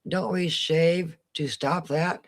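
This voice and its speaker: Slow-talking, giggly Midwestern woman. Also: sits low, fairly even intonation. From Midwestern United States. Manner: giggly, breaks into laughter often. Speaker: co-host of a live chat stream. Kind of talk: casual late-night chat.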